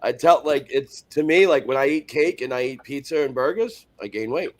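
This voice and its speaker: A man's voice: mid-range voice, normal speed. A man guest on a panel chat, rambling and filling his talk with "like" and restarts. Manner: rambling, says like constantly, restarts a lot. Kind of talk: casual chat.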